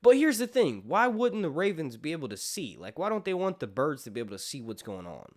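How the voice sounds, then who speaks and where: A man's voice: fairly high pitch, very animated, brisk. A man hosting a casual live stream chat, rambling loosely, swearing freely and often breaking into laughter. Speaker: YouTube host.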